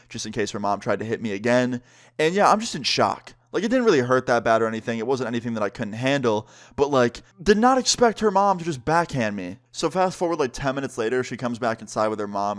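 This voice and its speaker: Young guy vlogger, mid-pitched, relaxed chatty storytime delivery. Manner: casual, animated storytelling with filler words. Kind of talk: storytime vlog.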